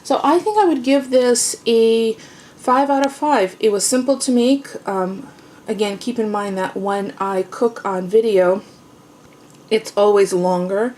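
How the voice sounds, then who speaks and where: A woman's voice: a little high, unhurried, a little mellow, slight background noise. A woman casually talking through a home baking demonstration, chatty and self-teasing, tasting as she goes. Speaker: home cooking vlogger. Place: home kitchen.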